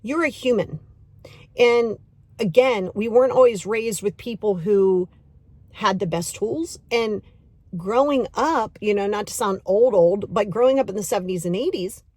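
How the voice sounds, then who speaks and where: A middle-aged woman hosting a podcast and giving a motivational self-help talk, emphatic and repetitive, coaxing the listener directly and acting out inner voices in quick asides. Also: medium pitch, a little mellow, no room sound. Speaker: podcast host and self-love coach.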